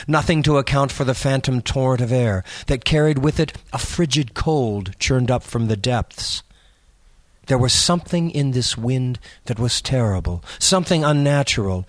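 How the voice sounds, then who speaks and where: A man narrating a spooky story in a measured, suspenseful audiobook reading. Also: mid-range voice, no room sound, studio quality.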